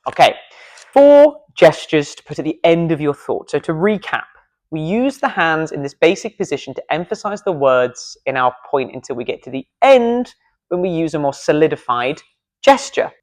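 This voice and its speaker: A playful, self-deprecating man runs a casual public-speaking lesson on video from a studio, showing gestures as he talks. He speaks at a normal speed in a sing-song voice that sits on the high side.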